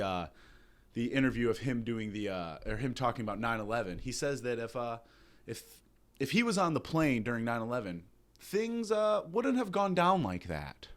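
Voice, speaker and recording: A young man hosting a comedy podcast, ranting loudly and profanely in mock outrage, hungover. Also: mid-range voice. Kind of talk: satirical comedy rant.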